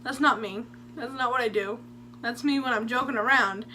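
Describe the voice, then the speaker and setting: A young woman with a high, bright voice tells stories in a chatty, jokey way. She sounds animated and playful and talks straight to her viewers. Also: normal speed, slight background noise. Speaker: vlogger. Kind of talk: story time vlog.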